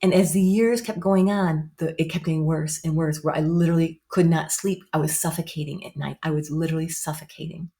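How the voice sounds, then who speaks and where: Animated woman telling a personal story. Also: low voice, brisk, few pauses. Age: 50s. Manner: animated, acts out others' lines in raised voice; repeats phrases for emphasis. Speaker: guest.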